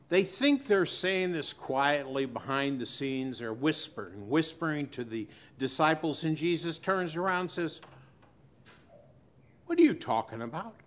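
A male pastor delivers a sermon to his congregation in a fairly high voice. He speaks slowly, with long dramatic pauses. He drops to a hush and then rises loud again. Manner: dramatic pauses, sharp swings between loud and hushed. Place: church.

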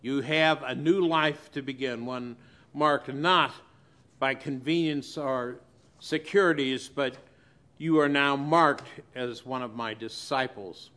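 A male pastor preaching a sermon to his church. He pauses dramatically and swings between loud and hushed delivery. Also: medium pitch.

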